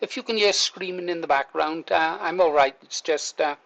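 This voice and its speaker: A man's voice: fairly high pitch, normal speed, vocal fry, fairly bright tone, rough recording. An older man, a vlogger, telling a story in a chatty way, laughing through it and swearing now and then. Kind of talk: casual storytelling to camera.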